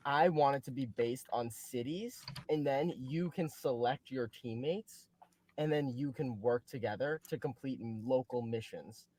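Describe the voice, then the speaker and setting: A young man with a Boston accent, a podcast co-host in casual chat, animatedly pitching ideas. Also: a little slow, darkish tone.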